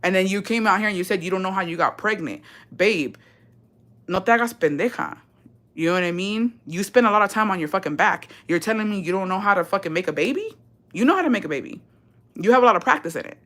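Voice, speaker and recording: A woman's voice: mid-range voice, expressive, fast, fairly bright tone. A young woman, ranting on a live stream in a profane, sassy and confrontational way, slipping into Spanish. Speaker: vlogger.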